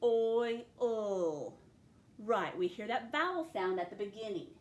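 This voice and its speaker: Slow, deliberate woman teaching phonics. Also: mid-range voice, lively intonation, dull audio. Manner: slow, stretched sounding-out of words. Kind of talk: phonics dictation lesson. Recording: echoey room with faint ambience.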